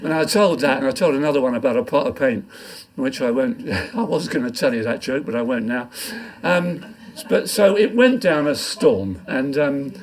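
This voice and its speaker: A man's voice: medium pitch, expressive, moderate pace, few pauses. An older man and comic poet, reading his poems live in a pub with a rambling, self-mocking delivery. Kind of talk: live stand-up poetry reading. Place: pub function room.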